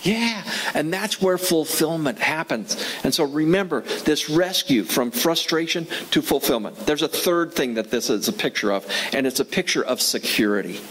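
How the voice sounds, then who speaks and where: A man's voice: a little high, animated, moderate pace, few pauses, fairly bright tone, slightly rough, poor audio. A man preaching a sermon as a pastor, talking in a conversational way, asking his listeners questions and repeating key phrases for emphasis. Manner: conversational, asks the audience questions.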